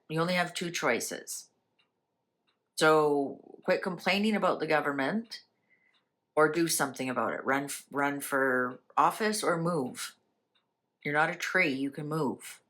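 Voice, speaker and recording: A woman's voice: low voice, a bit bright. A woman hosting a casual spiritual talk, speaking conversationally and asking many rhetorical questions. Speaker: channel host.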